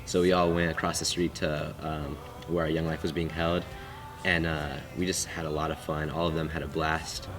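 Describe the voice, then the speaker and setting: A man's voice: a bass voice, little pitch movement, normal speed, distant mic. A teenage boy giving a hesitant personal testimony as a student, with many fillers. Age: teens. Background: music.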